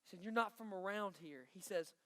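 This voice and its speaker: A man preaching a lively youth sermon from a stage, emphatic and joking with the students. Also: high-pitched, brisk. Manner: energetic, emphatic, bantering with the audience. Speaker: youth pastor. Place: stage in a large hall before a student crowd. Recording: long hall reverb.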